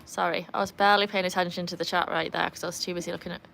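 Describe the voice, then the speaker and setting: A woman's voice: little pitch movement, rapid-fire, creaky. Give me a chatty woman on a phone livestream outdoors, with faint background noise and a dog nearby. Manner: chatty, switches to high sing-song praise for her dog. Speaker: livestream host and dog owner. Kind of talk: casual live chat. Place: outdoors by a backyard pool.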